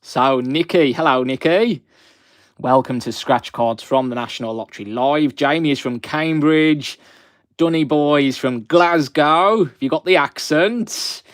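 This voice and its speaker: A man's voice: a little high, measured pace, no room sound, studio quality. A man in his twenties with a Black Country accent, hosting a live stream and chatting with viewers in a friendly, rambling way, with frequent fillers. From West Midlands of England. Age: 20s.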